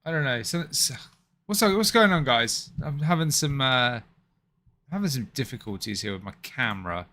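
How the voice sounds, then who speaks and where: A man's voice: medium pitch, lively intonation, normal speed, bright, forceful tone. A man hosting a live stream, chatting casually with viewers, muttering and swearing to himself and then apologizing. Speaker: livestream host.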